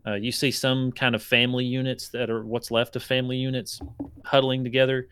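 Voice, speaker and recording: A man's voice: mid-range voice, little pitch movement, fairly quick, fairly bright tone, clean tone. A man narrating a tabletop game as game master, rambling with many fillers.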